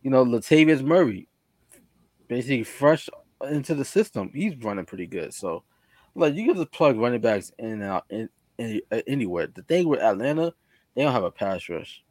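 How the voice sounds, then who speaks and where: A man's voice: medium pitch, lively intonation, moderate pace, a little mellow, no echo. A man co-hosting a casual sports podcast, loose and teasing, throwing in some swearing. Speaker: podcast co-host.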